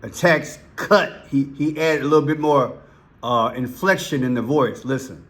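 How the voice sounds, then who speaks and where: A man hosting commentary over played clips, talking slowly and deliberately and hammering single words by repeating them. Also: medium pitch. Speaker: commentary channel host.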